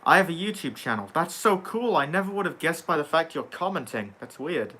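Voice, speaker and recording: Bright-voiced young man reading livestream chat. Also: fairly high pitch, expressive, brisk. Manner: sarcastic, swears casually.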